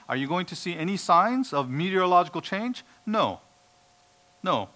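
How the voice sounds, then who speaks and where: A man's voice: fairly high pitch, expressive, moderate pace, pushed and bright. A man preaching a sermon, emphatic, quoting scripture and acting out the voices of doubters. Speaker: pastor.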